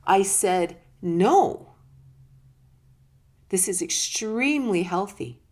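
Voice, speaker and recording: Gravelly-voiced woman teaching in casual talk. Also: medium pitch. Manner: conversational, emphatic, with laughs and acted-out quotes. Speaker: speaker on personal growth.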